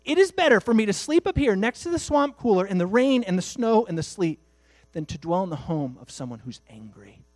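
A man's voice: high-pitched, big pitch swings, a little fast, a little mellow, no echo, voice pushed up. A man voicing a fed-up husband who insists he would rather sleep outdoors than stay home with his angry wife, speaking in an exasperated, insistent way.

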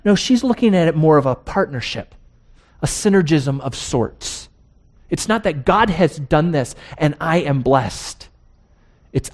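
A man preaching a sermon as pastor, emphatic, posing rhetorical questions and slowing down to stress key words. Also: fairly high pitch, animated.

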